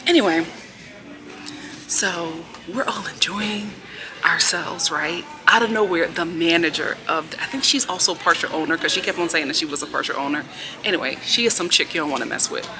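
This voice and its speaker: A woman vlogging outdoors on a city street, filming herself on her phone. She tells a story in a chatty, animated way and acts out what people said. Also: lowish voice, moderate pace. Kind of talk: casual storytelling vlog. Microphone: phone camera held while filming herself.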